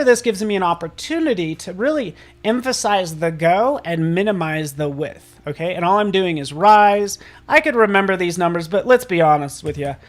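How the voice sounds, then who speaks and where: Upbeat man teaching a live software tutorial. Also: high-pitched. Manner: upbeat and chatty, talks to live chat viewers; casual and self-joking. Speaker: host and software instructor.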